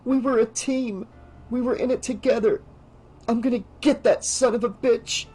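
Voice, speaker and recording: A man voicing a frightened, determined teenage girl in an audiobook, speaking with breathy, tearful urgency. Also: sits high, moderate pace, warm tone, faint music behind, voice pushed up, lightly acted, low-quality recording. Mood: distraught.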